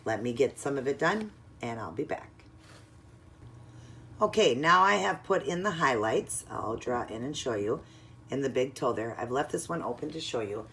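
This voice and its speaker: A woman's voice: a bass voice, expressive, moderate pace, vocal fry, a bit bright, a little hiss or hum. A woman narrating a casual, step-by-step nail art tutorial at home in a chatty, instructive way.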